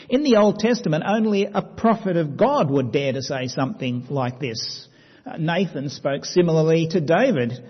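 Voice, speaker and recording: A man preaching a sermon, telling the story dramatically and dropping to quiet emphasis. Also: on the high side, husky. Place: church hall. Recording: dull sound with long hall reverb.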